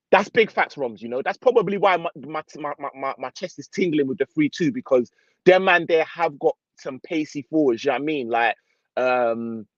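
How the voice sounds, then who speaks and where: A young man hosting a casual live football stream, reading out viewer comments in relaxed slang. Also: mid-range voice, no echo, muffled recording. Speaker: football channel host.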